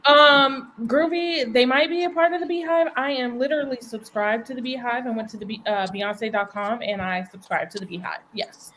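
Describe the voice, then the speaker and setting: A woman's voice: on the high side, steady tone, moderate pace, hardly any pauses, a bit bright, a little hiss or hum. A woman hosting a casual podcast, teasing and chatting playfully. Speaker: podcast host.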